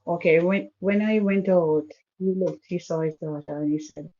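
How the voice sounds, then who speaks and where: Soft-spoken woman on a muffled phone line. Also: on the low side, fairly even intonation. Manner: soft-spoken, halting with restarts. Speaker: caller. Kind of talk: emotional personal story on a call-in show. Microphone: phone call.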